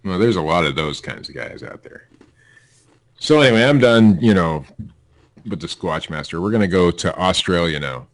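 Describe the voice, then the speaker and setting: Deep-voiced blunt man on a podcast. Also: expressive, normal speed, dry recording. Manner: blunt, profane, reads stories aloud with sarcastic asides. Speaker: podcast host reading news stories. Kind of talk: casual podcast chat.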